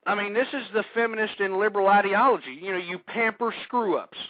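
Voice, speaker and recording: A man's voice: high voice, fast, no room sound. A man hosting a political talk radio show, delivering a heated, ranting monologue. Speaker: radio host. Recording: tinny lo-fi radio broadcast.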